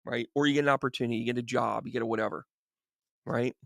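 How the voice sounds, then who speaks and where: A man with a gravelly voice giving a tarot reading on a live stream. He chats with viewers by name in an animated, chummy way and laughs often. The sound is dry and close. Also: medium pitch, quick pace, no room sound. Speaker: psychic medium reading tarot.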